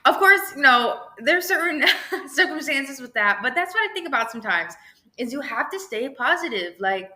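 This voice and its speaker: A woman's voice: sits high, big pitch swings, moderate pace, pushed and bright. A young woman hosting a casual solo podcast, talking chattily with lots of fillers and frequent swearing. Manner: chatty, swears freely, lots of "like" and "you know". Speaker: podcast host.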